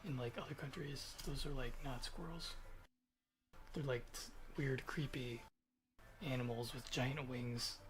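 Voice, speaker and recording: A man's voice: medium pitch, steady tone, measured pace, background noise. A man streaming live, chatting in a rambling, offhand way with frequent swearing. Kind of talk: casual live-stream chat.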